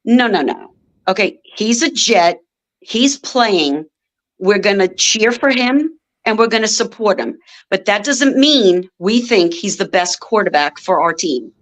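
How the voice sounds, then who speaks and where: A woman's voice: mid-range voice, animated, a little slow, rough recording. A woman from North Carolina calling in to a sports show, nervous and emotional, swearing when she gets angry. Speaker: caller. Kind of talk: phone-in call.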